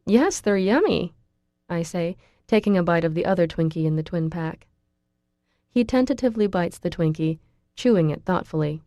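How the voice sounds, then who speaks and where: A woman narrating a first-person audiobook in an intimate, expressive storytelling manner. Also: on the low side, brisk, no room sound, clean studio sound.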